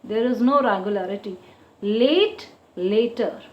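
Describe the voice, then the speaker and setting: A woman teacher giving a grammar lesson, explaining slowly, repeating each point and checking understanding with "okay?". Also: mid-range voice, lively intonation, slight background noise. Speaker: school teacher. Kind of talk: recorded classroom grammar lesson. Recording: echoey room, dull lo-fi sound.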